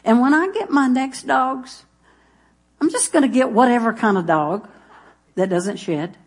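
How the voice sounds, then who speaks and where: A woman preaches to her church in a folksy, rambling way, with a touch of brightness in her fairly high voice. She drifts through homey stories with fillers and chuckles, then settles into reading scripture aloud. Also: measured pace, slightly rough. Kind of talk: sermon with jokes and scripture reading.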